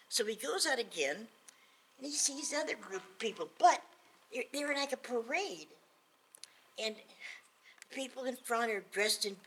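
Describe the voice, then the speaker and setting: A woman's voice: a little high, a bit bright, slight background noise, rough recording. A woman telling a folk tale aloud at a live event, in a conversational style, often repeating herself. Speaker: storyteller. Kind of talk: live oral storytelling.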